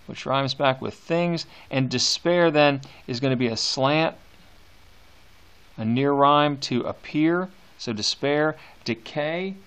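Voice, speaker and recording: A man lectures on a poem as a teacher, mid-pitched and unhurried. He talks in a halting way, with frequent fillers and restarts while he works through his notes. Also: a bit bright, clean tone. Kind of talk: poetry lecture.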